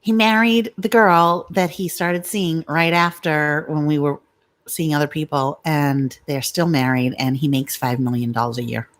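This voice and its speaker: A woman's voice: sits low, fairly even intonation, normal speed. A middle-aged woman vlogging from her home, chatting to viewers with rambling, confiding asides and stories. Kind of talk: chatty live vlog talking to viewers.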